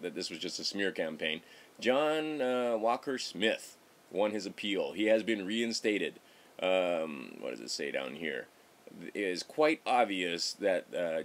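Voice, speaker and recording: A man's voice: sits low, a bit bright. A middle-aged man giving casual political commentary in a rambling, sarcastic way, often stopping to correct himself. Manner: rambling, sarcastic, self-interrupting. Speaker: political vlogger.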